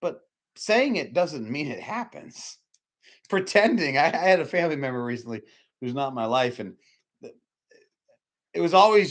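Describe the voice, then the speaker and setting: A man delivering a loose, conversational sermon to his congregation. He rambles, restarts his sentences and repeats himself, swinging from emphatic loud bursts to low, quiet murmurs. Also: sing-song, moderate pace, pauses often. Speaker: preacher. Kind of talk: informal sermon.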